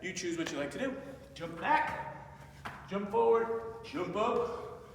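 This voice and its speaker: A man's voice: high-pitched, moderate pace, gravelly, distant mic, a little hiss or hum. A male fitness instructor leading a workout class, upbeat and encouraging, slightly out of breath as he moves and cues breathing. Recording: echoey hall, voice from afar.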